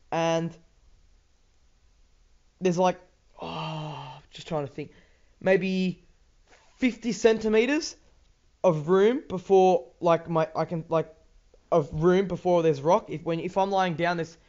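A man's voice: on the high side, darkish tone, dull audio. A teenage boy with an Australian accent, rambling casually over gameplay with lots of ums, restarts and swearing. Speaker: gaming YouTuber.

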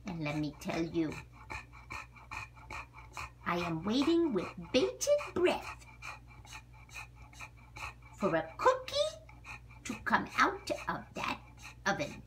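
A woman voicing an eager, greedy male bulldog who waits for cookies and narrates his thoughts in a hushed, conspiratorial way. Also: mid-range voice, very animated, slow pace, long pauses, noisy background, pitched below the performer's own voice. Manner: hushed, conspiratorial inner-monologue.

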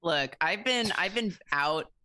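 A woman's voice: fairly low pitch, animated, takes it slowly, bright, forceful tone, no room sound, clean studio sound. A woman in a casual chat, rambling and bantering.

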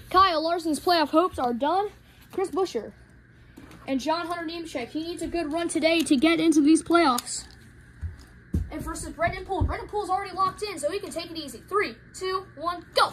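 A woman calling toy car races as commentator, rushed and excitable, rising to shouts at each finish. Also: extremely high pitch, slight background noise. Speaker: race commentator. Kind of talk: hobby race commentary.

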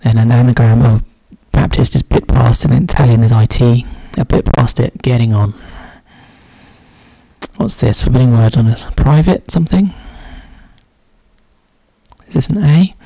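A man's voice: mid-range voice, normal speed, creaky, pauses often, warm tone, no room sound, rough recording. A man solving a crossword aloud, musing and muttering clues half to himself. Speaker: crossword solver. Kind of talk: thinking aloud while solving a puzzle.

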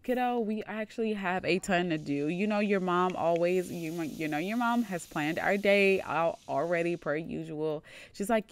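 A woman's voice: lowish voice, normal speed. A woman casually narrating her life-sim gameplay, chatting and voicing each family member's lines herself. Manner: chatty, voices family dialogue. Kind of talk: casual let's-play narration voicing characters.

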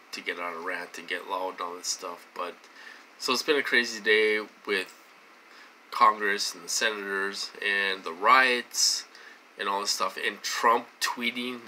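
Agitated vlogger ranting, very bright voice. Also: a little hiss or hum. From United States. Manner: agitated, repetitive, swears, pitch swings high when indignant. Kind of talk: ranting to camera.

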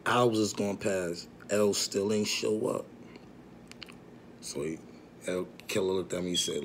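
Low-voiced man telling a slangy story. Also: a little slow, long pauses, a little hiss or hum. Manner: slangy, acts out quoted dialogue. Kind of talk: casual storytelling.

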